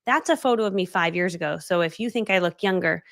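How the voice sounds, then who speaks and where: Bubbly, gravelly-voiced woman coach. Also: fairly low pitch, fast talker, a bit bright, no echo, clean studio sound. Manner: bubbly, chatty, laughs often, reads out viewer comments. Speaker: business coach hosting a livestream. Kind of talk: live-streamed casual coaching talk. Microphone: studio dynamic microphone.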